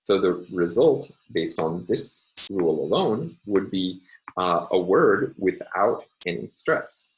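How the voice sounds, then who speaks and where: A man lecturing on phonology in a measured, explanatory way, pausing often with "uh" and "um". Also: deep voice, lively intonation, poor audio. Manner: measured, explanatory, with frequent "uh" and "um" pauses. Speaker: university lecturer. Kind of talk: recorded academic lecture.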